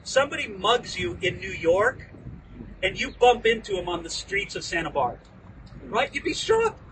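A man preaching a sermon outdoors, his high voice rising and falling dramatically as he acts out voices. The mic sits some distance away, and clear outdoor noise runs underneath. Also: lively intonation, normal speed, a bit bright. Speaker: pastor. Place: outdoors at a historic site.

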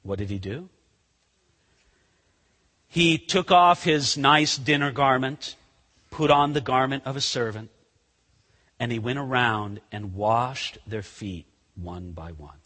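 A man's voice: mid-range voice, slow pace, pauses often, pushed and bright. A male pastor preaching a conversational sermon. He acts out scenes as he talks. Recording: long reverb of a large hall.

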